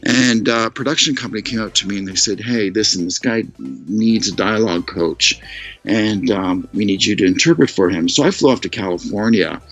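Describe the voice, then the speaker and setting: Bright, lively man telling stories. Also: lowish voice, moderate pace, faint music behind. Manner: animated storyteller who acts out other people's voices. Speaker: guest storyteller. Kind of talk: casual chat on a live stream. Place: living in Tokyo.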